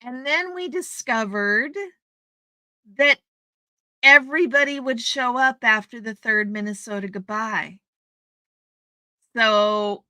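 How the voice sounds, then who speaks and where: A woman's voice: on the high side, sharp tone, dry recording. A woman hosting a live stream, chatting casually and greeting her viewers by name as she answers their comments. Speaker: livestream host. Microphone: streaming setup microphone.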